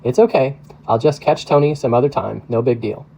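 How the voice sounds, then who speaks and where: A man's voice: medium pitch, fairly quick, creaky, dark tone, dull audio. A man voicing a weary middle-aged man with dry, understated humor. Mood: wry. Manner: wry, understated.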